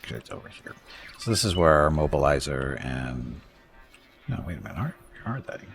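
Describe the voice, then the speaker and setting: A man's voice: very deep voice, big pitch swings, fairly quick, creaky, a bit bright, faint music behind. A man casually commenting on his space strategy game during a live stream, rambling, thanking viewers and joking about word pronunciations.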